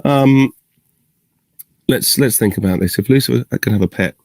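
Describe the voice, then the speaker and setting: A man's voice: mid-range voice, moderate pace, a little mellow, dry recording. A middle-aged man, answering fan questions in a casual video Q&A and thinking aloud in rambling, self-interrupting, good-humoured talk. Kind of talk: casual virtual Q&A. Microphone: video call.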